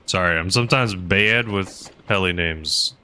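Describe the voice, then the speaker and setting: Man, young adult, rambling casual stream talk, low-ish voice, bright edge. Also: measured pace, clean tone. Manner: rambling, filler-heavy, laughs often. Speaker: streamer flying a helicopter. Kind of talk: casual gaming stream chat.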